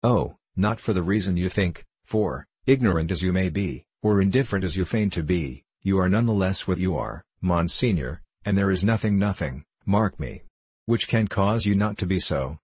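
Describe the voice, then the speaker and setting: A man voicing a courtly older bishop, husky and low. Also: expressive, moderate pace, darkish tone, no echo. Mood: pleading. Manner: courtly, pleading, formal. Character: scheming older male bishop and former musketeer, earnest.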